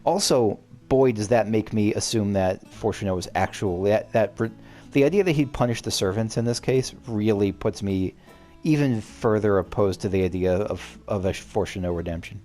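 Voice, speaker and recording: A man with a gruff voice chatting his way through a story game, thinking out loud, restarting sentences and swearing now and then. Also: fairly low pitch, normal speed, soft background music. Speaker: gaming channel host. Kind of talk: let's-play commentary.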